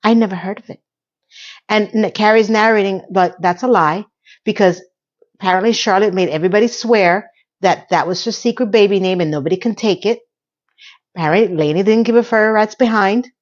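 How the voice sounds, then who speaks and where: A woman's voice: mid-range voice, brisk, muffled recording. A woman giving a casual, rambling recap of a TV episode with personal asides, acting out the characters' lines as she goes. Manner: chatty, acts out characters' lines in quotes. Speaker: TV series recap reviewer.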